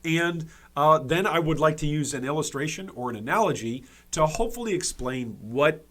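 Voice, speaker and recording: A man's voice: on the high side, expressive, moderate pace, fairly bright tone. A man hosting a gaming commentary video, speaking emphatically and repeating key points for stress, with frequent restarts and fillers.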